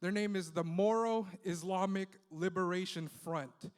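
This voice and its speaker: High-pitched guy doing stand-up on a club stage, swears a lot, says "you know" every other line, long reverb. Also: unhurried, clean tone. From Philippines heritage, Bay Area. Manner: loose, profane, conversational with many "you know" tags. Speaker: stand-up comedian hosting. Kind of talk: stand-up comedy set. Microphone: handheld stage mic.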